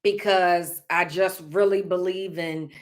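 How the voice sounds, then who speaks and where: A woman's voice: on the low side, fairly even intonation, slow pace. Candid woman talking to her vlog. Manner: candid, rambling, with laughs and many fillers. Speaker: vlogger. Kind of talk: casual heartfelt vlog talk.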